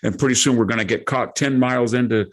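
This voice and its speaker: A man's voice: mid-range voice, fast talker, natural voice. A man voicing a brash, pushy young woman operative with a Valley Girl accent, who taunts him and keeps calling him "man". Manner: slangy and taunting, calls people "man".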